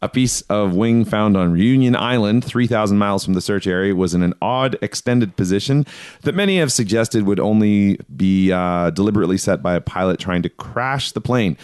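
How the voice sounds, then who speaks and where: A man with a low, smooth and resonant voice hosts a casual podcast. He reads from his notes in a quick, offhand way and laughs at his own stumbles. The sound is close and dry. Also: darkish tone, dry recording. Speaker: podcast host. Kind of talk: casual conspiracy podcast chat.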